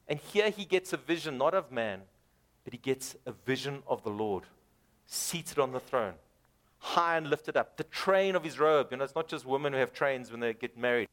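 A man's voice: medium pitch, lively intonation, moderate pace, fairly bright tone. Male preacher, sermon delivery, emphatic with dramatic rises and drops, mid-range voice. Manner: repeats words for emphasis.

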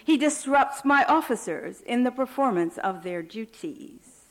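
A woman reading the lines of a condescending, imperious male prison captain, slowly and with forbearance. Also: fairly high pitch, lively intonation, pitched above the performer's own voice. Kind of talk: reading a personal essay aloud.

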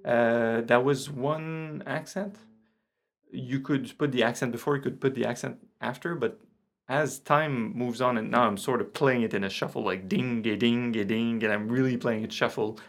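This French-speaking guitar teacher, with a gravelly, medium-pitched voice, explains at a moderate pace in a relaxed online lesson. He counts beats out loud, and his own guitar plays beneath his voice.

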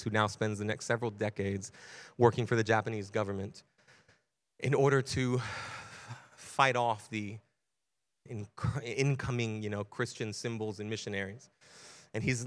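A man's voice: on the low side, a bit bright. A male pastor giving a sermon, retelling a story earnestly and building in intensity, with repeated phrases.

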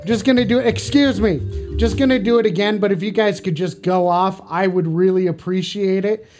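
A man's voice: sits high, steady tone, a little fast, a little mellow, soft background music. A man livestreaming, bantering crudely and teasingly with his chat in a casual way.

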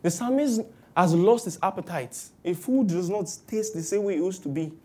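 A woman preaching a sermon, lively and acting out the voices of people she quotes. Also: on the low side, normal speed, slightly rough. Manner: animated, acts out quoted voices with exclamations.

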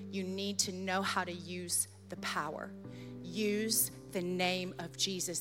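A middle-aged woman pastor telling a story in a sermon, earnest and urgent, turning quiet and intense as she leads a prayer. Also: medium pitch.

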